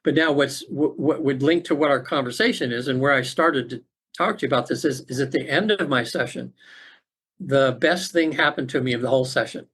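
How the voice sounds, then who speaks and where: A man's voice: medium pitch, fairly bright tone, slightly rough. Earnest middle-aged man telling a story. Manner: halting, earnest, with many restarts. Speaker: podcast guest, afterlife facilitator. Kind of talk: personal storytelling in conversation.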